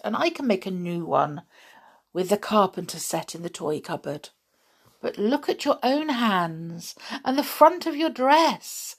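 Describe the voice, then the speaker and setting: A woman voicing a sensible male toy, calm and matter-of-fact. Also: mid-range voice.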